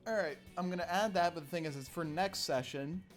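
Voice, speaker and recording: A man's voice: fairly high pitch, soft background music. A man running a tabletop game, chatting casually and joking with his players over a voice call. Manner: joking, quick to laugh. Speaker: game master. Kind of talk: casual pre-game chat.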